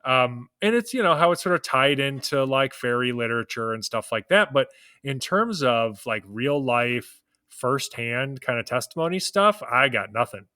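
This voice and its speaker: A man's voice: mid-range voice, expressive, moderate pace, pushed and bright, no echo, clean studio sound. A man with a Wisconsin accent co-hosting a podcast in loose, casual chat, peppered with swearing and "you know". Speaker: podcast co-host.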